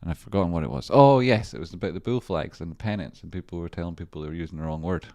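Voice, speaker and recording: A man hosts a trading livestream, rambling casually and profanely through the charts with chatty asides to viewers. His deep voice is gravelly and mellow, though he talks at a racing pace. The sound is clean studio audio with no room sound.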